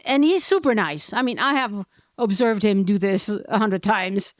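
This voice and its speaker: A woman hosting a casual podcast interview, chatty and quick to laugh as she tells anecdotes. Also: mid-range voice, lively intonation, no echo. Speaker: podcast host.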